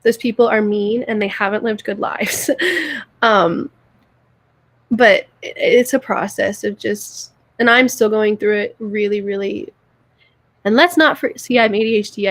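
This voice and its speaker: A woman's voice: mid-range voice, normal speed, a bit bright, no echo. Brief: young woman co-host, earnest, rambly, dry close recording. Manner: earnest, repeats words, rambling restarts. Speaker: podcast co-host. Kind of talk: heartfelt casual chat.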